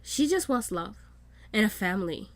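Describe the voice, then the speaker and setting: A woman giving casual reaction commentary on a show, excitable and swearing freely. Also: medium pitch, normal speed, no room sound. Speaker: reaction YouTuber.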